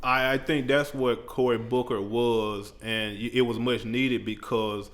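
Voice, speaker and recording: A man co-hosting a podcast, talking politics in a relaxed, casual, conversational way. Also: mid-range voice, a little slow. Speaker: podcast co-host.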